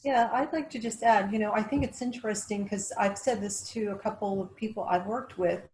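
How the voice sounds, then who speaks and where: A woman's voice: mid-range voice, fairly even intonation, a little fast, darkish tone, a little hiss or hum, poor audio. A woman taking part in a workshop on a video call, adding her view in a friendly, conversational way. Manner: friendly, conversational, uses fillers. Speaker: workshop participant. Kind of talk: workshop discussion comment.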